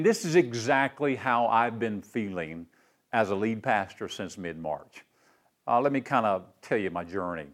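Folksy pastor preaching. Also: male voice, medium pitch. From East Tennessee, US. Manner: warm folksy storytelling with fillers and "man". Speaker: guest pastor. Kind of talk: sermon.

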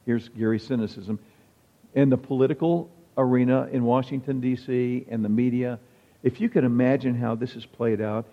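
A man's voice: mid-range voice, dark tone. A male pastor preaching a sermon in a conversational, wry manner, quoting examples as he goes. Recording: dull sound with long hall reverb.

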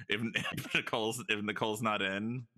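Casting note: low-pitched man, bright tone, rambling comedic co-host. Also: normal speed, slight background noise. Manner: rambling, joking, lots of "like". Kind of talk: casual comedic chat.

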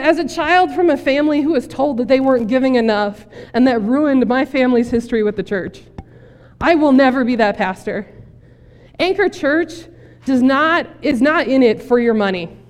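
A woman's voice: fairly high pitch, a little mellow. A woman pastor preaching a sermon in a casual, joking, direct way. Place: church sanctuary. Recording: long reverb in church.

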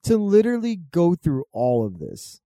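A man chatting casually and swearing freely, mocking characters in quick put-on quotes. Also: sits high, no room sound, studio quality. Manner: profane, animated, mocks characters in put-on quotes. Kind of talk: casual chat.

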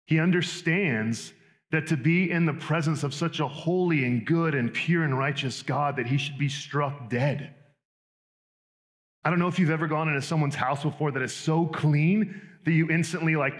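A man preaching a sermon in a conversational, animated way with quick asides. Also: on the high side. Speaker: pastor.

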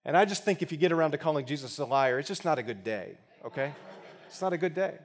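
A man preaching a sermon as pastor, conversational and emphatic with touches of humor, at times dropping into quiet, earnest appeals. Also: on the high side, lively intonation, quick pace.

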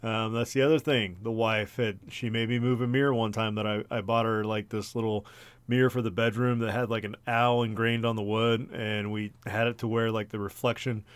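A man's voice: fairly low pitch, flat delivery, a little fast, clean tone, no room sound. Rambling young male podcast co-host, dry sound. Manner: rambling, casual swearing, filler-heavy. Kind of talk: casual podcast chat.

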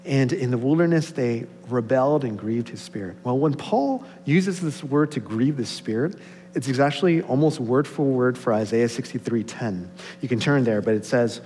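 A man preaching a sermon to a congregation, swinging from excited, loud passages to soft, slow, hushed ones. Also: mid-range voice. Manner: rises to excited loud peaks, then drops soft and slow. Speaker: pastor. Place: church sanctuary. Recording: long hall reverb, faint hum.

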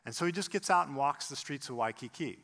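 This pastor talks fast in a medium-pitched voice as he preaches, narrating a story with animation and performing each character's quoted voice.

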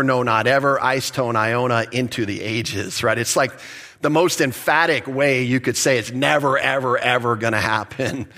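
A man's voice: mid-range voice, a bit bright. A male pastor giving a sermon in a conversational, folksy way, with emphatic asides.

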